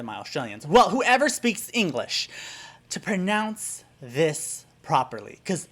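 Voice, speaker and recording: A German YouTuber gives a casual vlog lesson, chatty and animated, until it slides into exasperated ranting about his pet peeves. His voice is on the high side.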